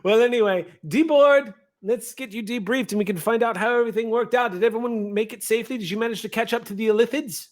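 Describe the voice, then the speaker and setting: A man voicing an excitable, friendly male gnome ship captain in a tabletop game, with a high, chipper, fussy manner. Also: fast, few pauses. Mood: cheerful.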